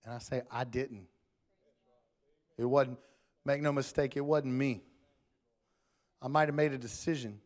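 A man's voice: mid-range voice, steady tone, normal speed, long pauses, a little mellow. A man preaching a sermon in church, talking conversationally to the congregation and closing in prayer. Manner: conversational Southern-style preaching, addresses crowd as y'all.

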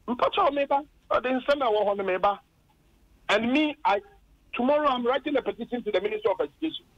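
A Ghanaian man who formerly served as a district chief executive calls in to a radio program and complains at length, impassioned and indignant as he recounts his arguments. His voice is very high-pitched and brisk, with no echo and lo-fi sound.

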